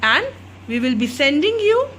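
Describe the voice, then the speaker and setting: A woman, a kindergarten teacher, slowly drilling vowel sounds for young children in a sing-song way. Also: sits high, big pitch swings, fairly bright tone, slight background noise. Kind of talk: phonics lesson for young children.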